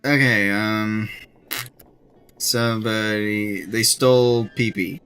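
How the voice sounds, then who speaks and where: A young man with a low, bright, forceful voice, chatting loosely over a game. He rambles and jokes, laughing a lot. Faint game music plays behind him. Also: fairly even intonation, slow, clean tone. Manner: joking, rambling, laughs often. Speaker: let's play co-host. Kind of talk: casual gameplay chat.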